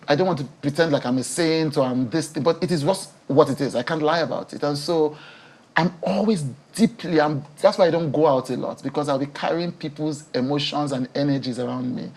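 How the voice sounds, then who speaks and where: Brief: woman, TV talk show host from Nigeria, guest in a studio interview, animated, emotional, quick to laugh. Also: low-pitched.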